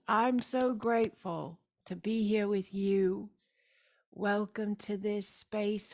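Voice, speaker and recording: A woman speaks at an unhurried, languid pace over a video call, leading a meditative spiritual gathering. Her pitch sits at a middling level for a woman, and she lingers on her vowels. She often breaks in with loud, emphatic cries of yes. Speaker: spiritual teacher hosting a group meeting. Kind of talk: slow meditative spiritual talk.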